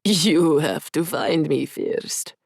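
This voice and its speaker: A woman voicing a smug, mocking male conspirator in a storybook reading, with a slow taunting delivery. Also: low voice, creaky, slightly rough, no room sound, clean studio sound, full character voice.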